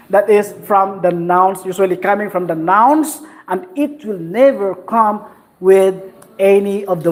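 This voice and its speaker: Man, Quran reading teacher, slow, patient, repeats sounds. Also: high-pitched. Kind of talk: slow classroom instruction.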